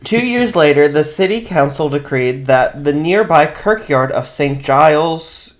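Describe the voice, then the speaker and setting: A man's voice: fairly high pitch, expressive, unhurried. Chatty man telling a spooky history. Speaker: podcast co-host and storyteller. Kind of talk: casual chat and read narration.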